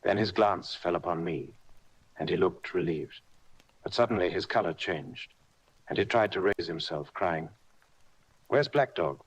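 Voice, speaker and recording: Male audiobook narrator, fairly low voice, measured and steady. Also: breathy edge, rough recording. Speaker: audiobook reader. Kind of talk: scripted narration.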